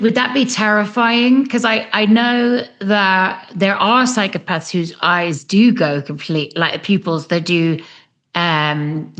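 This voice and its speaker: A woman's voice: medium pitch, fairly bright tone. Woman podcast host asking stuff, curious and a bit rambling. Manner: curious, probing. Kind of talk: interview questions.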